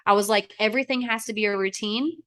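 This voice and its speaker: A woman's voice: mid-range voice, fast. A woman in her thirties, a real estate agent from Arizona, telling stories in casual chat and acting out what people said. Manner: animated, acts out quotes with a raised voice. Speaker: guest.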